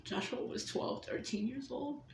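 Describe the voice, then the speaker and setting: Woman venting her story, high voice, whispers then yells, cusses a lot, echoey room with a bit of hiss. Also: measured pace. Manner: shifts between hushed whispers and loud outbursts, swears a lot. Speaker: mother telling her story. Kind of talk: emotional personal storytelling.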